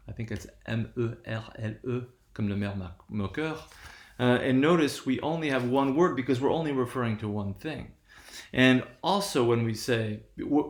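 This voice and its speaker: A male teacher gives a lecture in a roomy, echoing space. His voice sits at an ordinary middle pitch. He keeps tossing in quick tag questions and slips from English into French and back as he explains. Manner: checks in with frequent tag questions; switches between English and French mid-explanation. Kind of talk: classroom lecture. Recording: echoey room.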